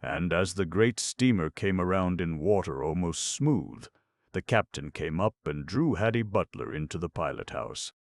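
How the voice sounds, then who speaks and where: Deep, gravelly male narrator for a classic melodrama audiobook, measured and dramatic. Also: animated, no echo, studio quality. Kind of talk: scripted narration of a melodrama novel.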